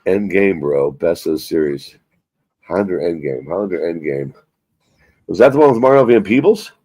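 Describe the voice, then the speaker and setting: A man's voice: low voice, expressive, moderate pace, darkish tone, no room sound. A man hosting a casual live stream, rambling and swearing as he chats about movies. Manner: rambling, profane, self-mocking. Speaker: livestream host.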